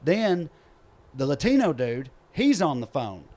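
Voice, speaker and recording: A man's voice: on the high side, sing-song, a little slow, darkish tone. A man with a Southern US accent, a podcast host telling a story in casual chat, acting out the people he quotes, recorded in a theater green room.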